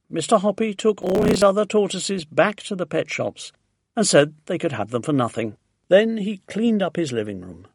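A man narrating a children's storybook in a lively, expressive way. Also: high voice, no room sound. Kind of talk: storybook reading.

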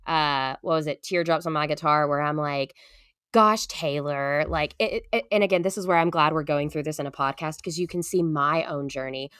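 A woman co-hosting a casual podcast, animated, often jumping into high playful voices when she quotes. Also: fairly quick, few pauses, clean tone, dry recording, clean studio sound. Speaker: podcast co-host, student.

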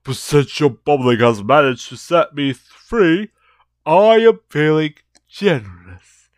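A man voicing an angry ancient male evil spirit who commands in a booming voice. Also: animated, takes it slowly, no room sound, studio quality. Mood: commanding.

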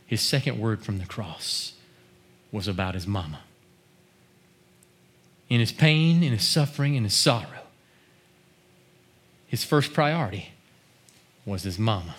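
A man preaching a sermon, building chanted refrains to shouted climaxes before dropping to quiet, earnest teaching. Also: lowish voice, lively intonation, unhurried, long pauses, husky.

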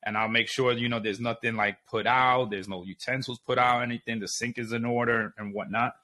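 Animated, swearing man telling stories. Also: mid-range voice, brisk. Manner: animated storyteller, profane, laughs often. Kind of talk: casual chat.

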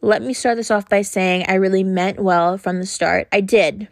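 A young woman hosting a podcast, talking frankly and earnestly in a casual monologue, often pausing on fillers. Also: mid-range voice, steady tone, no echo, studio quality. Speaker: podcast host.

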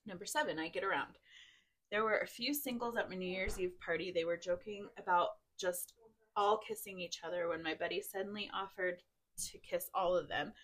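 A woman's voice: lowish voice, a little fast, fairly bright tone. A woman hosting a group chat, reading funny drunken stories aloud to her friends, a little tipsy and giggly. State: tipsy, drinking wine. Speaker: podcast host.

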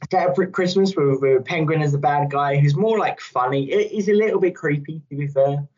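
A man's voice: fairly high pitch, fairly quick, darkish tone. A man chatting casually on a podcast, rambling and playful, often laughing. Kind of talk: casual chat. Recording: dull lo-fi sound.

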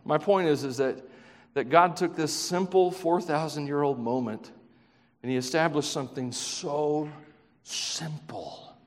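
A man with a high-pitched voice preaches a sermon. He builds to loud, emphatic passages, then drops to quiet, hushed questions, and adds self-deprecating asides. His voice carries the long reverb of a large church hall. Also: normal speed. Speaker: pastor.

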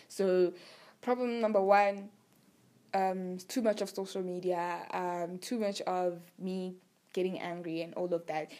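A young woman talks to her viewers in a casual personal testimony. Her voice sits at an ordinary middle pitch. She tells her story in a chatty, animated way, full of fillers and quick restarts. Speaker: faith vlogger.

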